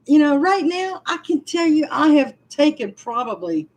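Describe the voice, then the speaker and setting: A woman's voice: high voice, sing-song, moderate pace, rough recording. A woman, venting frankly to viewers on a casual livestream and answering their comments with laughing asides. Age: 60s. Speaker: livestream vlogger reading comments.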